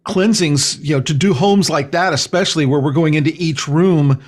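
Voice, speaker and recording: A man's voice: a little high, moderate pace. A man being interviewed as a spiritual healer. He talks in an earnest, rambling way and fills his sentences with "you know". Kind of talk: casual conversational interview.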